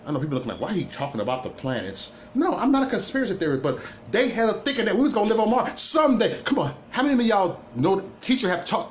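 A man's voice: sits high, sing-song, racing, hardly any pauses, slight background noise. A man hosting a livestream, delivering an emphatic, repetitive rant to viewers, stumbling into stammered restarts as he goes. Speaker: livestream host. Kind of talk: ranting livestream monologue.

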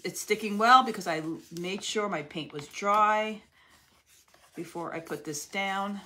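A woman's voice: medium pitch, sharp tone, slight background noise. A woman hosting a live crafting demonstration, chatting casually with viewers while she works. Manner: chatty, friendly, talks while working. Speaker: craft channel host.

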